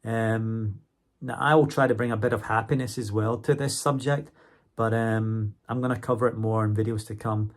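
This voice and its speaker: A man's voice: lowish voice, fairly even intonation, normal speed. A man talking casually to his viewers in a vlog, chatty, often checking in with "okay?" and "right?". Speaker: vlogger and English teacher.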